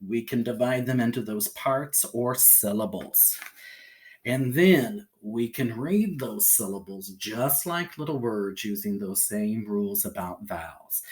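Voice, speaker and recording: Slow, patient male phonics teacher. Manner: slow, patient, sounds out letters one by one; lively pitch, rising on cheerful check-ins. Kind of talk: phonics lesson for young children.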